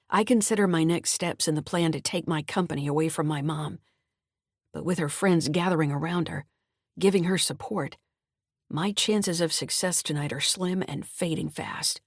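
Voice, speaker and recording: A woman with a low, deep voice narrates a mystery thriller in a calm, measured read. The sound is dry and close, with no room around it. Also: no room sound. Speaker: author and audiobook narrator. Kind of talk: scripted audiobook narration.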